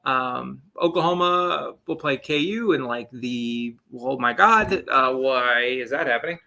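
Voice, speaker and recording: A man in his late twenties hosts a live sports talk show as a sports podcast host, rambling and chatting with plenty of fillers and asides. His medium-pitched voice is unhurried and sharp-toned, with vocal fry.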